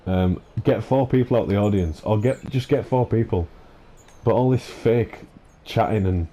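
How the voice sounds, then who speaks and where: A man's voice: on the low side, animated, a little fast, dark tone. A man hosting a gaming channel, ranting in an exasperated, sweary way, full of fillers and restarts. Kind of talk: ranting commentary over gameplay.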